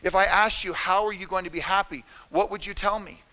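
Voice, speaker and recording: Middle-aged male motivational speaker, high bright forceful voice, emphatic, hall reverb. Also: brisk. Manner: energetic, emphatic, addresses audience directly. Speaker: motivational speaker at a real estate seminar. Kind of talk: live motivational talk.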